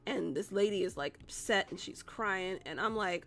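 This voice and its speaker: A woman streamer rambles through a story for her chat, cursing casually and circling back when she loses her thread. Her voice carries a gravelly edge. Faint music plays beneath. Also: mid-range voice, normal speed, fairly bright tone. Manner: chatty, profane, rambling with restarts.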